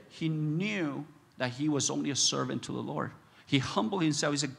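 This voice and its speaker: Gravelly, husky man preaching in a hall. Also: lively intonation, normal speed. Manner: repeats phrases, grows loud and high when impassioned. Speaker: pastor. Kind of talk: sermon. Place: church sanctuary. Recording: echoey church hall.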